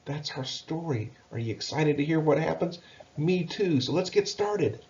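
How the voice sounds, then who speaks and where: A man reading a children's Bible story aloud, gentle and expressive, asking his young listeners questions. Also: on the high side, moderate pace, lo-fi sound.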